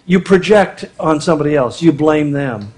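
A middle-aged conference speaker gives a humorous, conversational sermon at a marriage conference, acting out little quotes along the way. His voice sits on the high side with a darkish, slightly rough tone, animated and at a moderate pace.

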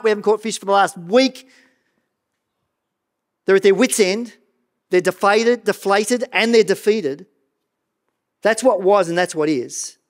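A middle-aged man preaching a sermon as pastor of a church, earnest and animated, often stumbling and repeating words. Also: high voice.

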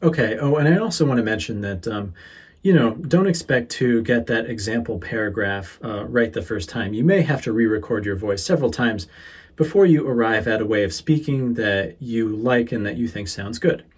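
Husky-voiced guy teacher talking close into a mic, laid back how-to explainer, some ums. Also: medium pitch. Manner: easygoing, unhurried explaining with fillers. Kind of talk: instructional voice-over. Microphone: close sensitive studio mic.

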